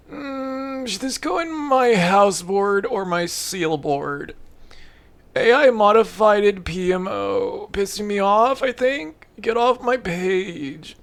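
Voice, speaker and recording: A vlogger reacting to memes in casual commentary, tired and talking with low-energy, flat mumbling delivery. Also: creaky.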